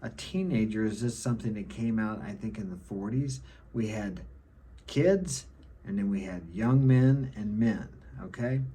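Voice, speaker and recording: Man, middle-aged, husky, lowish voice, lecturing vlog monologue, checks in with "okay?". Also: measured pace, dark tone. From United States. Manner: lecturing, frequently ending points with a checking "okay?". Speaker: self-help vlogger. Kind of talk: opinionated monologue to camera.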